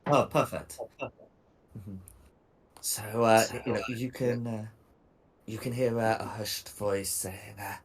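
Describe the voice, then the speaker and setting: A man with a fairly low voice runs a tabletop game as game master. He pauses often and fills gaps with "uh" and "um" as he narrates. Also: steady tone, breathy edge. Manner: hesitant, many fillers.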